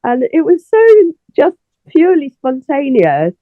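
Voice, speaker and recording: Animated woman on a phone line. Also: sits high, measured pace, no room sound. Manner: animated storyteller, acts out dialogue, many fillers. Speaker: interview guest, singer. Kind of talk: casual interview storytelling. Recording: tinny phone line, dry.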